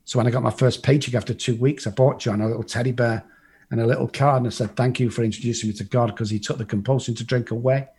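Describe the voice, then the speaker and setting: A middle-aged English man tells his life story in a casual, blunt voice that has a husky edge. He swears freely and acts out other people's lines as he goes, and his pitch sits in an ordinary middle range. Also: fairly even intonation, quick pace, a little mellow. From England.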